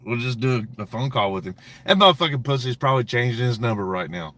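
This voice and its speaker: A man's voice: medium pitch, lively intonation, fast, fairly bright tone. A man hosting a casual livestream, talking to his chat in a profane, mocking way and laughing often. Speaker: livestream host.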